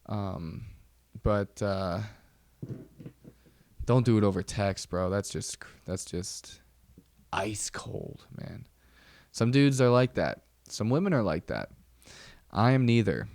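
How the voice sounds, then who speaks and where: A man's voice: on the low side, darkish tone, no room sound. A young man hosting a podcast, telling wry stories in a rambling, casual way with lots of fillers. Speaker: podcast host. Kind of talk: casual solo chat.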